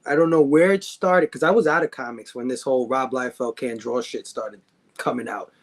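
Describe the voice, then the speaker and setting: A man's voice: mid-range voice, brisk. Laid-back male podcast guest. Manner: laid-back, agreeable, frequent "yeah" and laughter. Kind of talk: casual conversation.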